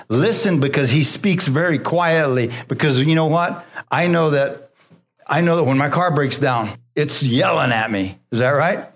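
Fervent man preaching a sermon. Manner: call-and-response preaching, asking the congregation for amens; drops low and soft for God's voice, rises for emphasis. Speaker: pastor.

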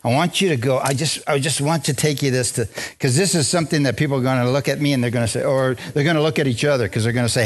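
A man preaching a lively, joking sermon in a church, drawing responses from the congregation. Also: mid-range voice, fast, few pauses. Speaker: pastor. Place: church sanctuary.

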